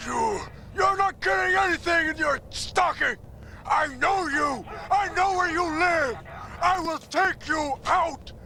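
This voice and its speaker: An actor playing a drunk, sulky Santa Claus who mumbles evasively and curses furiously. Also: male voice, extremely high pitch, slow pace, gravelly, sharp tone, heavily acted. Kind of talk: comedy short acting.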